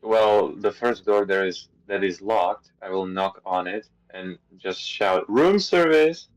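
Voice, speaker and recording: A man's voice: sits low, level tone, takes it slowly, rough recording. A man playing a tabletop game, joking and playful with the game master. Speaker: player. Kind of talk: casual tabletop play.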